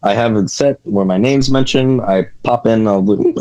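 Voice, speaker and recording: A man's voice: lowish voice, moderate pace, hardly any pauses, warm tone, dull audio. A man who is a guest on a podcast, an independent wrestler, speaking in easygoing casual chat and often repeating himself.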